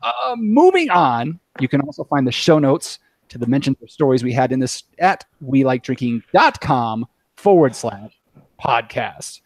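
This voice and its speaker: A man's voice: mid-range voice, sing-song, a little slow, no room sound, studio quality. A man hosting a casual podcast, chatty and full of filler words. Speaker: podcast host.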